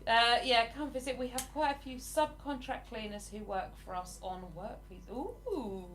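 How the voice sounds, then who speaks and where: Casual talkative english lady, 40s, chatting live with viewers, higher pitch. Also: normal speed, fairly bright tone. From England. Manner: chatty, reads out viewer comments. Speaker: livestream host. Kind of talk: casual livestream chat.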